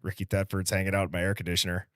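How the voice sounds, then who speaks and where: A low, monotone male voice with an American Midwest accent, recorded clean in a studio with no echo. As a livestream host, he casually greets viewers and reads comments, staying upbeat and chatty with quick shout-outs and light laughs.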